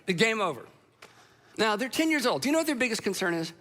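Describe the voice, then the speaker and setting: A man's voice: high-pitched, big pitch swings, fast talker, a bit bright. A man preaching a sermon to a live audience, telling stories in a conversational way with self-deprecating humor. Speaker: pastor.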